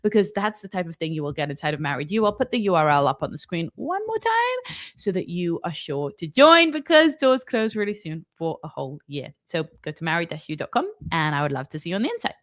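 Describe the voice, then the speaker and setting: A woman marriage coach answering viewer questions in an advice video, talking in an animated, emphatic way and checking in often with the viewer. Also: on the low side, a little fast. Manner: animated, emphatic, lots of "okay?" check-ins.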